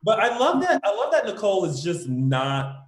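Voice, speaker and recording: Man, podcast co-host, fairly high voice, very lively pitch, echoey room at home. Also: moderate pace. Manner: animated, acts out characters' lines. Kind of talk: casual recap chat.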